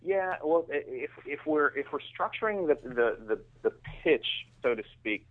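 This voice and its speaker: A man's voice: fairly high pitch, expressive, moderate pace. Male guest heard over a thin, phone-like line, emphatic and self-restarting. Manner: emphatic, repeats words when starting sentences. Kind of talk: conversational business interview.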